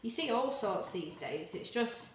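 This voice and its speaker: A woman's voice: a little high, expressive, a little slow. Lady cooking live, chatting while she stirs, roomy kitchen sound. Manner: chatty, stirring while talking, gets out of breath. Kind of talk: casual live cooking demo. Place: home kitchen. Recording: echoey kitchen with noise.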